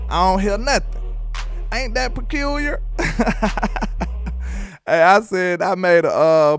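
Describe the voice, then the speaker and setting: A man with a Southern accent from Alabama, doing casual sports talk and reading his live chat in an animated, playful, trash-talking way. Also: a little high. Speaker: sports commentator.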